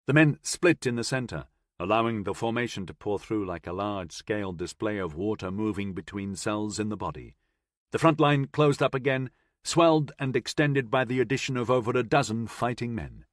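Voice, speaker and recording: A man narrating an audiobook in a steady, measured storytelling manner, recorded on a close mic. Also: fairly low pitch, dry recording. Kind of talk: scripted narration.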